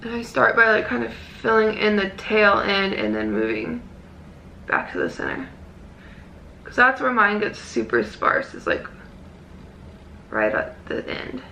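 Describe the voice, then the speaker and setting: Young woman vlogger, lilt, chatty and self-deprecating, bright tone with vocal fry, faint room hiss. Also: medium pitch, animated, a little slow, pauses often. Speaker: beauty vlogger. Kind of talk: casual makeup tutorial chat.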